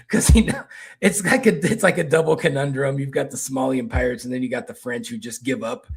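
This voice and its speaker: A man's voice: mid-range voice, steady tone, fast talker, vocal fry, husky. A man with a Kentucky accent hosting casual political commentary, rambling and restarting his words as he talks.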